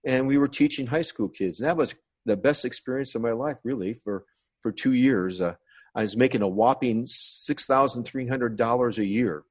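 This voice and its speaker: A man's voice: medium pitch, normal speed, breathy edge. A man in his sixties from the United States, a podcast guest telling long rambling stories about his past. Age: 60s. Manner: rambling reminiscing storyteller. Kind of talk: casual interview.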